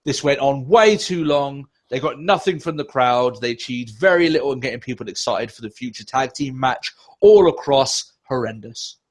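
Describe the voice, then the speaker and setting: A man's voice: mid-range voice, lively intonation, normal speed, hardly any pauses. A man co-hosting a casual podcast, ranting with lots of swearing and sarcasm. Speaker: podcast co-host.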